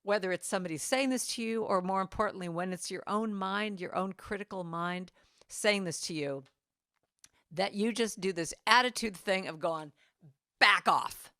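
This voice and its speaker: A woman giving an inspirational talk at a church, chatting and coaxing the congregation, with soft, tender asides. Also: medium pitch, normal speed, clean tone, no echo, clean studio sound. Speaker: guest speaker and singer. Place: church sanctuary.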